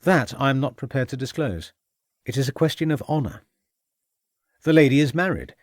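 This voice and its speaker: A man's voice: mid-range voice, moderate pace, no echo, studio quality, close to an everyday voice. A man reading an audiobook, voicing a nervous, defensive middle-aged male suspect who protests and evades. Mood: evasive. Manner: agitated, protesting, evasive.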